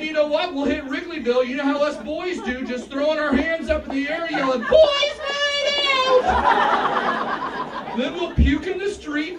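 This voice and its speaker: A male stand-up comic with a high, lively voice works the room with playful sarcasm. The sound is roomy and a bit distant from the mic. A loud audience is heard throughout. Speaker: stand-up comedian. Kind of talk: live stand-up comedy. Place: comedy club stage.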